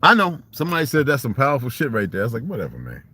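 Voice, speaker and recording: A man's voice: mid-range voice, expressive, racing, bright, forceful tone. A man with a Southern US accent ranting casually and profanely on a livestream, emphatic and laughing often. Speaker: livestream host. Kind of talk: casual rant.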